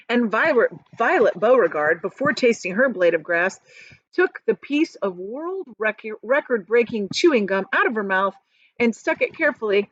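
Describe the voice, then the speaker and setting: A woman teacher reading a storybook aloud with expressive delivery and chatty asides. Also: mid-range voice, no room sound, muffled recording.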